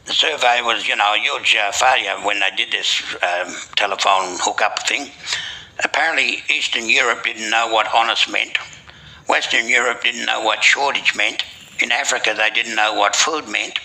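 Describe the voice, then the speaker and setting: A man's voice: medium pitch, sharp tone, rough recording. An older Australian man telling a string of jokes in a rambling yarn-spinning way, chuckling at his own punchlines. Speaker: joke teller. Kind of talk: casual joke-telling.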